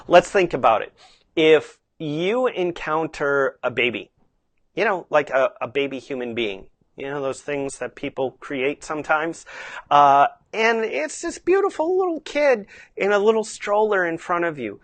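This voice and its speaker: A woman instructor teaching carriage driving in a casual, chatty way, lively and acting out tones of voice. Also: low voice, unhurried, no room sound. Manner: conversational, chatty with fillers.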